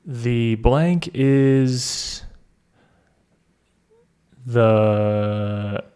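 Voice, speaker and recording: A man tutoring through a practice test, thinking aloud, reading sentences deliberately and correcting himself as he goes. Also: medium pitch, dark tone, clean tone. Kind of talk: casual walkthrough of a practice test.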